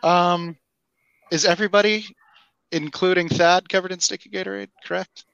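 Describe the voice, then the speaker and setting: A man's voice: high voice, fairly even intonation, normal speed, creaky, fairly bright tone, clean tone, dry recording, lo-fi sound. A young man playing a tabletop game, playful and giggly, a little hesitant. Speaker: player. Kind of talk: casual tabletop game chat.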